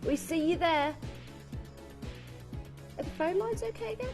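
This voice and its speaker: A woman presenting on a live TV shopping channel, excitable and gushing as she urges viewers to buy. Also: very high-pitched, unhurried, faint music behind. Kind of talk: live TV shopping sales patter.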